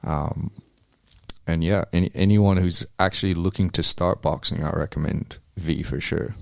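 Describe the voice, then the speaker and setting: Guest voice: low gravelly man, rambling, swears freely, close and dry. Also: fairly even intonation, normal speed, dry recording. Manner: laid-back, rambling, swears often, many ums. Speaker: amateur boxer, interview guest. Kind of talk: casual chat.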